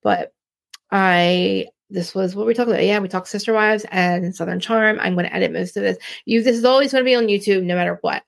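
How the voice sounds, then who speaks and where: Jersey-accented woman host, blunt, rambling live chat, mid pitch with vocal fry. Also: brisk. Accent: New Jersey. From New Jersey. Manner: rambling, blunt, many restarts. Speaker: live-stream podcast host. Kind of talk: casual live-stream chat.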